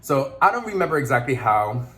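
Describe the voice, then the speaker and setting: A man's voice: medium pitch, big pitch swings, brisk, a bit bright, soft background music. A man vlogger eating on camera while telling a story, chatty and laughing, mixing in Spanish words. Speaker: mukbang vlogger.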